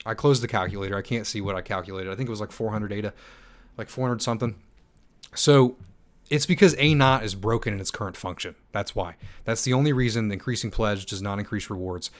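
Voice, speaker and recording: A young man hosting a livestream Q&A, reading chat comments aloud and answering in a hyped, fast manner with many ums and restarts. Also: fairly low pitch. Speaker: stake pool operator and channel host.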